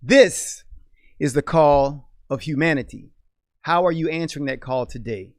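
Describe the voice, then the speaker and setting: A man's voice: fairly high pitch, a little slow, dry recording, studio quality. A man hosting a talk show about race relations, encouraging and affirming his guest. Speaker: host.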